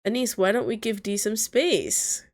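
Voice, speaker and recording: A woman's voice: on the high side, measured pace, close to an everyday voice. A woman voicing a friendly, easygoing male priest. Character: friendly man, a caring priest.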